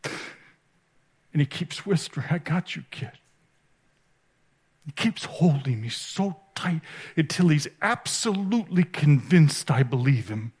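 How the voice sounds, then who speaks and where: Male conference preacher, voice on the higher side, emotional storytelling, stumbles and restarts. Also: animated, darkish tone, slightly rough. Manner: emotional storytelling with halting repetitions. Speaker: conference speaker. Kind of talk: sermon. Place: conference stage.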